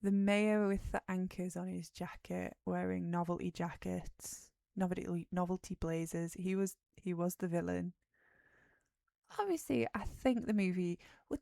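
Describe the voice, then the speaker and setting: A lowish, gravelly, mellow female voice, captured in studio quality with no room sound. She's a weary streamer who yawns, rambles about a movie in casual conversation, drifts off topic, and now and then lowers her voice to a whisper.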